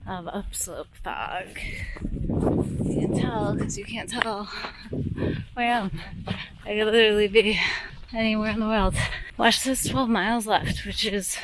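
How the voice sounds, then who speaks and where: A woman's voice: mid-range voice, background noise. A woman vlogging on a handheld camera while hiking and running a long mountain race outdoors. She rambles, sounds tired and swears bluntly. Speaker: vlogger recapping her ultramarathon. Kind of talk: breathless running vlog commentary. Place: outdoors on a foggy mountain trail. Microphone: handheld pocket camera.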